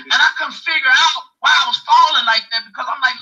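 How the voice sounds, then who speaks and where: A man telling a story on a talk show, animated and profane, acting out what other people said. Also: extremely high pitch, quick pace, hardly any pauses, slightly rough, rough recording.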